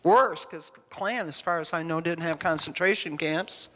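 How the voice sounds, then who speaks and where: A woman's voice: on the low side, normal speed, fairly bright tone. Woman, church speaker, conversational sermon, emphatic, rambling, long hall reverb. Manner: emphatic, rambling, questions the congregation.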